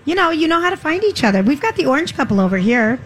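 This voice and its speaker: High-voiced playful woman co-host. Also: very animated, quick pace, a bit bright. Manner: playful, self-mocking. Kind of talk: casual chat show banter.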